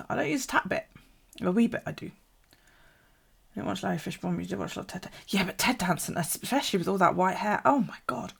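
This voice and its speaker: A woman's voice: mid-range voice, lively intonation, quick pace, creaky, few pauses, a bit bright, husky. A woman in her thirties chatting casually and swearing freely during a live stream, answering viewers as she talks. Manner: chatty, sweary, laughs a lot, reads and answers viewer comments. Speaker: bullet journal vlogger.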